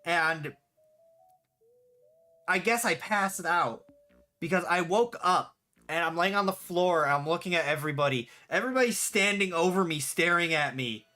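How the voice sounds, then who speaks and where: A streamer in their late twenties with a bright, forceful voice, talking casually to chat. They tell stories in an animated way and swear freely between answering questions. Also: mid-range voice, moderate pace. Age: late 20s. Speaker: streamer and game developer.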